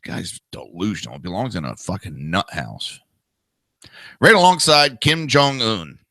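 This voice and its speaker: A man in his thirties rants crude, profane and sarcastic commentary as a talk show host. His pitch swings widely as he talks. The tone is very bright and sharp, and the close mic is dry. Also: very animated, a little slow, creaky, dry recording. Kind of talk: ranting commentary.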